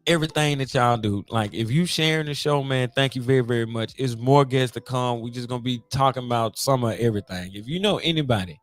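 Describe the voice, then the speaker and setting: A man's voice: medium pitch, a little fast, few pauses, no room sound, soft background music. A man hosting his own podcast, rambling and swearing freely as he invites guests. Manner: rambling, profane and animated. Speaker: podcast host. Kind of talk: casual podcast monologue.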